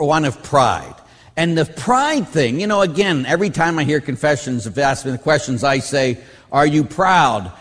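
A man who is a Catholic priest, giving an animated teaching talk on faith and telling stories with mimicked voices. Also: on the high side. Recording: long hall reverb.

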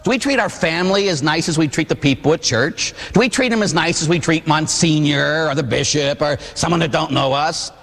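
In a church with long reverb, a Catholic priest in his forties from Pittsburgh, USA, gives a sermon packed with personal stories, humorous asides, and frequent tag questions. His voice is fairly high and fairly bright, and he talks fairly quickly with hardly any pauses.

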